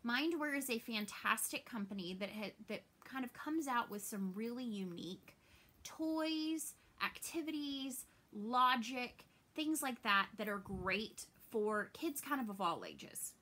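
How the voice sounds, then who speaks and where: Bright, chatty crafting vlogger woman. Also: on the high side, animated, a little slow. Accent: American Southern. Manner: chatty and open, trails off softly when sad. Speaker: cross stitch vlogger. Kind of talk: casual chat to camera. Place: home.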